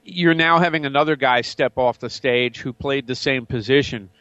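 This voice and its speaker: A man co-hosting a sports radio show, halting and restarting as he asks a question. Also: medium pitch, a bit bright, smooth, no room sound, highs cut off. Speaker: radio co-host.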